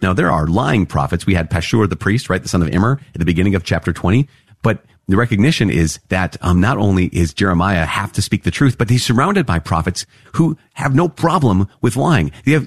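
A priest opening with prayer, then teaching Bible passages in an earnest, excitable way. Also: male voice, deep voice, slightly rough, no room sound, studio quality. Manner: earnest, excitable, quick asides with laughs.

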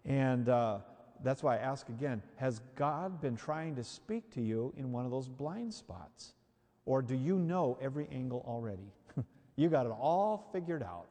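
A man's voice: medium pitch, lively intonation, measured pace, warm tone. A man preaching a sermon who acts out the reactions he quotes. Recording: hall reverb.

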